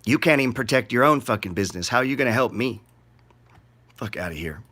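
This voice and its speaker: A man's voice: medium pitch, expressive, fast talker, sharp tone. A middle-aged man giving casual, rambling market commentary in a blunt, profane and sarcastic way.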